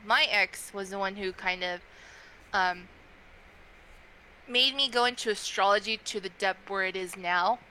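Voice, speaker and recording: Bright-voiced young woman chatting. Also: mid-range voice, a little slow, pauses often, slight background noise, poor audio. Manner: chatty, frequent fillers, animated quoting. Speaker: guest, tarot reader. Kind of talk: casual interview chat.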